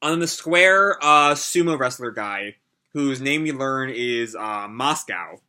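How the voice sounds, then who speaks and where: A man hosting a manga reaction, reading chapters aloud and pausing to comment with hesitant, reflective asides. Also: on the high side, lively intonation, bright, forceful tone. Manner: hesitant, lots of fillers and restarts, reflective.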